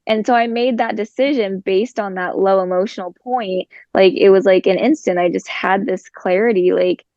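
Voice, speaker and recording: A woman with a gravelly, fry-laden voice talks through a personal story in a relaxed, chatty way, leaning on fillers as she goes. The sound is dry and close, and the recording is a little dull and lo-fi. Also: mid-range voice, moderate pace, few pauses, dry recording. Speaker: guest. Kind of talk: casual storytelling in conversation.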